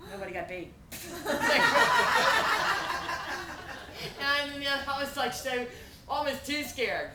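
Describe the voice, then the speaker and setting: Woman comic, rambling storyteller, fairly high voice, heard from afar in an echoey noisy room. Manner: rambling, laughing through her stories. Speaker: stand-up comedian. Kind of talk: stand-up storytelling. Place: event venue. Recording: echoey room, far from mic, loud noise.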